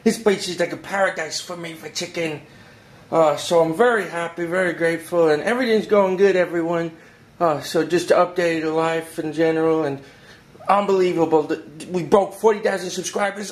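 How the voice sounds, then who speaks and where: A man hosting a drawing tutorial from home, talking in an excitable, rambling, hyper way. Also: fairly high pitch, normal speed. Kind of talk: casual drawing lesson. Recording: echoey room.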